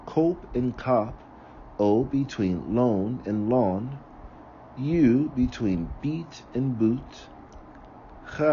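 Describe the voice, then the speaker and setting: Slow, careful man reading aloud. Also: medium pitch, mellow, lo-fi sound, slight background noise. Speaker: reader of a book on ritual.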